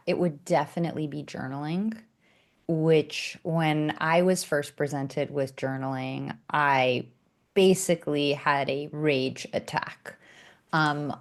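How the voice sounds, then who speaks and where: A woman, an author and coach, telling candid stories as a podcast guest, animated and self-mocking, with sarcastic asides. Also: sits low, slow pace. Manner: acts out quoted dialogue in character voices. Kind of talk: candid conversational storytelling.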